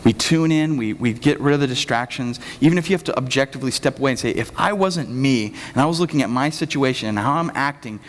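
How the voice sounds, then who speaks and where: A man's voice: medium pitch, quick pace, hardly any pauses. Casual young man preaching in a reverberant hall. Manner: casual, joking preaching with lively acted-out quotes. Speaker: pastor. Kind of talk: sermon. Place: church hall.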